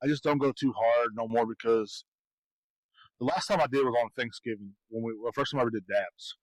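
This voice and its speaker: A man's voice: medium pitch, brisk, no echo, poor audio. A man co-hosting a podcast, telling rambling stories in casual chat and laughing often. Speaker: podcast co-host.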